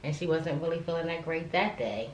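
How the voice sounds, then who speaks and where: Woman, mother, emotional storytelling, low voice, faint background noise. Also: brisk. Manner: tells the story with many fillers and restarts, becoming tearful and emotional. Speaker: guest mother. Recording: echoey room with faint ambient noise.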